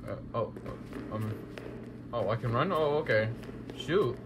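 A man's voice: mid-range voice, expressive, unhurried, background noise. Jumpy young man playing horror. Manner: jumpy, talks to himself, exclaims at scares. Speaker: gaming YouTuber. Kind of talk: horror game let's play commentary.

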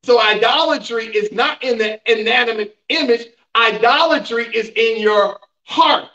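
Man, pastor, high voice, emphatic Bible teaching, rhetorical questions, muffled distant mic. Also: unhurried, pushed and bright. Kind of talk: teaching sermon with call-and-response. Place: church sanctuary. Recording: roomy, dull sound from a distant mic.

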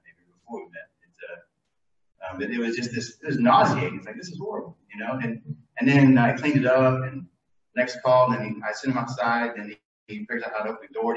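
A middle-aged man giving an informal devotional talk before communion, rambling and conversational with many fillers and restarts. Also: medium pitch. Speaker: lay speaker leading communion. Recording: distant, muffled mic in an echoey room.

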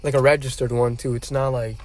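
Young man, podcast co-host, casual chat, teasing, slangy, mid pitch. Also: little pitch movement, fairly quick, a little mellow, slight background noise.

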